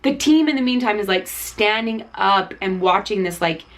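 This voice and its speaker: A woman host of a DIY vlog retells a story casually. She talks in an animated, chatty way and leans on fillers. Her voice sits at an ordinary middle pitch. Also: normal speed.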